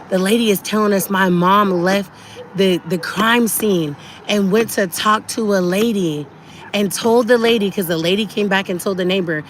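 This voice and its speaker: A woman's voice: fairly low pitch, a little hiss or hum. A woman talking urgently and indignantly to her viewers on a live stream from a car, often repeating herself. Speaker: livestreamer.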